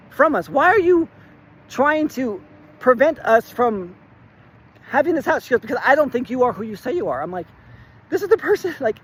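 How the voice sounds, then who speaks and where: A man in a casual vlog, retelling a phone argument in an animated, exasperated way and acting out both sides of the dialogue. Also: high voice, slight background noise, rough recording. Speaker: real estate investor.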